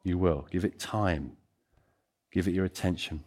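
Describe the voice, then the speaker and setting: A man preaching a sermon as pastor, swinging between excited loud passages and quiet, intimate ones. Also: deep voice, a little slow, slightly rough. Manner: animated, swings from loud to hushed.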